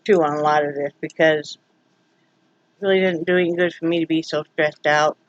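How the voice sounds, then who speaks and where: A woman's voice: sits low, fairly even intonation, a little fast, no echo, muffled recording. A woman vlogging from home in a casual, rambling way, joking and full of fillers. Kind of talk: casual vlog chat.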